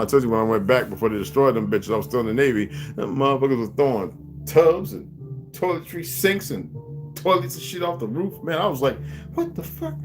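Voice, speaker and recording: A man hosting a casual livestream, rambling and profane, who laughs often as he talks. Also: medium pitch. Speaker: livestream host. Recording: music playing clearly behind.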